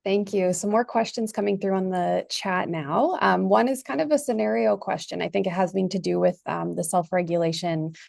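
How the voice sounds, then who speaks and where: A woman's voice: medium pitch, normal speed, vocal fry, hardly any pauses, a little mellow, dry recording, clean studio sound. A woman moderator reading out audience questions from a chat, with many hesitant "um"s. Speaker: event moderator.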